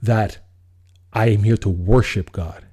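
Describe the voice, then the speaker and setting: A man's voice: lowish voice, steady tone, measured pace, warm tone, husky. A man co-hosting a podcast, telling a personal story in casual chat, acting out his own quoted lines and laughing often. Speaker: podcast co-host.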